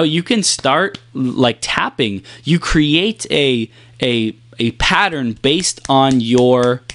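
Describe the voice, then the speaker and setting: A medium-pitched man delivers a motivational talk about pacing and silence, illustrating it by pausing on purpose and changing how fast and how softly he speaks.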